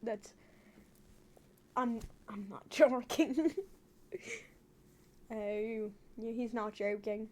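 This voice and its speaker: A woman's voice: on the high side, fairly even intonation, very slow, pauses often, warm tone. A woman streamer chatting casually from her room, laughing often, swearing freely and exaggerating for effect. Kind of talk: casual live-stream chat.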